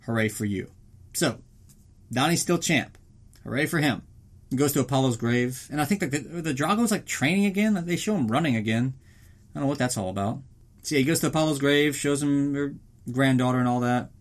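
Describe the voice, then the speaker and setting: A man's voice: medium pitch, fairly quick. A man hosting a podcast, recapping a film in a casual, profane and sarcastic way, often slipping into silly voices. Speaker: podcast host.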